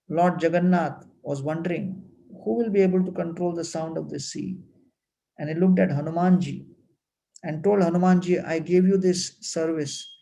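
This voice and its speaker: Gravelly-voiced man telling temple lore. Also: on the high side, dark tone, poor audio. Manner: unhurried, explanatory, frequent "you know" fillers. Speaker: temple speaker. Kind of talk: devotional storytelling talk.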